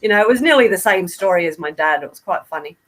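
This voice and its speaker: A woman's voice: lowish voice, animated. Middle-aged Australian woman, chatty. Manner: chatty and unhurried, with frequent ums. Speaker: guest. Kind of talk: casual interview talk.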